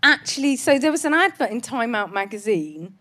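A woman in her forties from England, talking as a podcast guest in a lively, chatty way and laughing often. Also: on the high side, brisk. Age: 40s. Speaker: guest, TV presenter and author. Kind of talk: casual chat.

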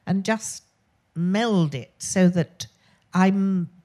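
A woman's voice: lowish voice, very slow, mellow. An older Englishwoman with a posh English accent, a talk show guest speaking frankly and bluntly, swearing freely and laughing between phrases. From England. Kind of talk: candid talk show chat.

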